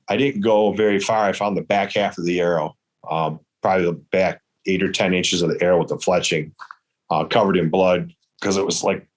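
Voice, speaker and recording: Lowish-voiced man telling a hunting story. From Michigan. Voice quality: hard of hearing in one ear. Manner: animated, quotes dialogue in raised voice. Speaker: guest storyteller. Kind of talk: casual storytelling.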